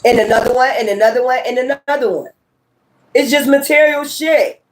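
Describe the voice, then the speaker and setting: A high-voiced woman talks to her viewers as a tarot reader in a loose, heated monologue. She presses her points hard, swears freely and circles back to the same phrases again and again. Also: normal speed. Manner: emphatic, profane and repetitive. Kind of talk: casual ranting monologue.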